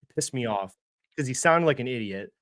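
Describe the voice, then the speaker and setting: A man's voice: mid-range voice, animated, brisk, a bit bright, dry recording, studio quality. A man co-hosting an investing livestream, ranting with sarcasm, swearing and mocking impressions. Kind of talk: heated casual chat.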